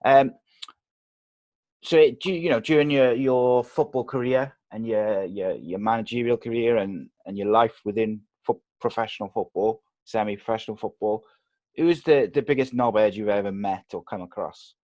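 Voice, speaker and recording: Easygoing podcast host. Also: male voice, lowish voice, normal speed, a little mellow, no room sound, lo-fi sound. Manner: chatty, easygoing questions. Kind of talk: casual interview chat.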